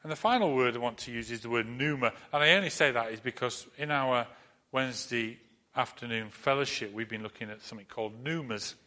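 A man preaching a sermon in an earnest manner, repeating phrases and dropping to a soft, comforting tone. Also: mid-range voice, fairly quick. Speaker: pastor.

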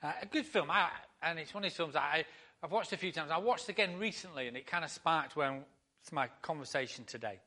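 A man's voice: fairly high pitch, lively intonation, fairly quick, sharp tone. A male pastor giving a conversational sermon to his church, full of rhetorical questions.

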